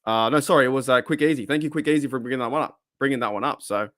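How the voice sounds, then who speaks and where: A man with an Australian accent hosting a casual live stream, rambling and excitable as he reacts to chat. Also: medium pitch, rapid-fire, no echo, clean studio sound. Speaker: livestream host.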